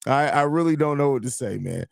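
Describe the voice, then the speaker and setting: A man's voice: medium pitch, animated, a little fast, gravelly, no echo, studio quality. A young man hosting a live sports podcast, joking and cursing loosely while answering chat. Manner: loose, profane, laughing banter with chat. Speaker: podcast host. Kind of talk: casual live-stream chat.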